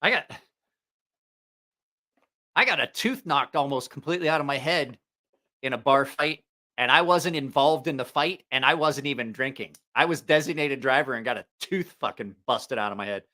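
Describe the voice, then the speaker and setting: Bright-voiced man telling rowdy stories. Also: medium pitch, lively intonation, normal speed. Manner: profane rambling anecdotes with laughter. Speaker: livestream host. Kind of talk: casual storytelling livestream.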